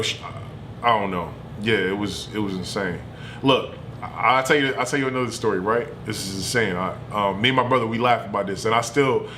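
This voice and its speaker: A man streaming from home, telling a family story in a loose, animated and profane way. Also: on the low side, a little hiss or hum. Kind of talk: casual storytelling.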